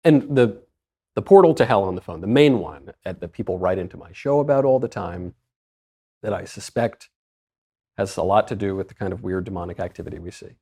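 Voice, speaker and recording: A man's voice: low voice, animated, brisk, warm tone, slightly rough. A man hosting a podcast, asking a priest questions in a curious, wry way. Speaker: podcast host. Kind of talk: interview conversation.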